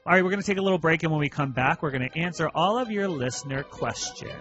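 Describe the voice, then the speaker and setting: A man's voice: fairly high pitch, fast talker, fairly bright tone, muffled recording, soft background music. A man co-hosting a podcast in casual chat, musing and trailing off as he thinks. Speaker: podcast co-host.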